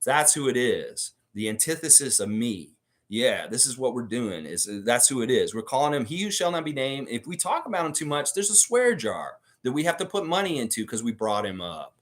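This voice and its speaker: A man's voice: medium pitch, sing-song, a little fast. A man from the Baltics hosting a sports livestream, amped up and profane as he rants and reads out chat comments. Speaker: livestream host.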